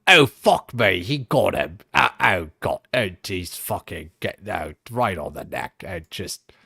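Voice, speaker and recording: A man's voice: low-pitched, expressive, a little slow, vocal fry, sharp tone, slightly rough, no room sound, clean studio sound, heavily acted. A man doing a mock-solemn impression of a posh British male nature documentary narrator, with a put-on posh British accent, breaking into swearing. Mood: mock-grand.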